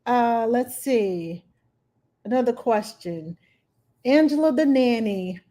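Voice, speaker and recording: A woman's voice: on the high side, expressive, slow pace, dark tone. A middle-aged woman working as a nanny, answering viewers' parenting questions on a live stream in a chatty way, greeting people by name and explaining things step by step. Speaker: nanny giving parenting advice.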